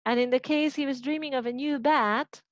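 Argentine-accented woman teacher, higher voice, patient explainer, dry dull video-call sound. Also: fairly even intonation, moderate pace, dry recording. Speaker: phonetics teacher. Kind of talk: online class explanation.

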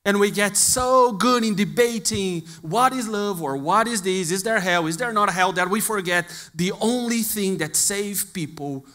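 A man preaching a sermon in English, moving between loud, passionate calls and quiet, hushed stretches. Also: high-pitched, measured pace. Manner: swings from shouting passion to hushed near-whisper.

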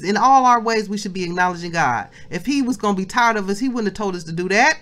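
A woman's voice: medium pitch, animated, fast, hardly any pauses. A woman leading a weekly devotional in an impassioned preaching style, repeating phrases and calling her listeners family. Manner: repeats phrases, swings from hushed prayer to loud exhortation; informal, addresses listeners as family. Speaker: ministry leader giving a devotional.

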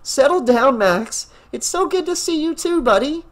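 A man reading an audiobook, voicing a frightened young woman who speaks softly and earnestly to thank the police. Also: very high voice, animated, normal speed, pitched above the performer's own voice. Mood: affectionate.

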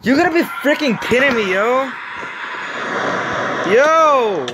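A man giving Minecraft gameplay commentary, excitable and yelling in frustration. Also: very high-pitched, slow pace, noisy background. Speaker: gaming YouTuber.

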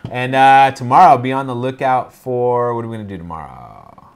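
A man's voice: mid-range voice, normal speed, clear, resonant tone. A man hosting a casual reaction video, joking and stumbling over his words. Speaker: reaction channel host.

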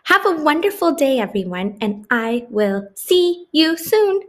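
A woman teaching young children their letters at an unhurried, patient pace. She stretches out each vowel and consonant, sounding words out slowly and clearly. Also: high voice, sing-song. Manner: slow, exaggerated sounding-out of letters. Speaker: kindergarten teacher. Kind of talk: phonics lesson for young children.

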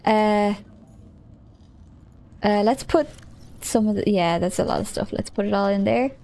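A woman's voice: mid-range voice, unhurried, vocal fry, warm tone. A woman streamer chatting casually as she plays, thinking aloud, easily startled and often giggling.

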